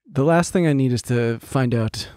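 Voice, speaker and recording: A man co-hosting a podcast in casual banter, relaxed and often searching for words. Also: mid-range voice, normal speed, dry recording, studio quality. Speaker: podcast co-host.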